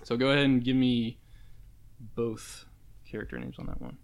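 A man's voice: medium pitch, sing-song, moderate pace, gravelly. A man co-hosting a podcast, chatting casually through an impressions game and laughing easily. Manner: easygoing, laughs often. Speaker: podcast co-host.

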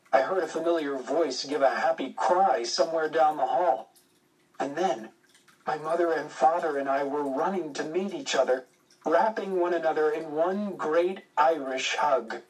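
A man reading a first-person adventure story aloud, with steady, measured narration. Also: fairly high pitch, recorded from a distance, low-quality recording. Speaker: audiobook narrator.

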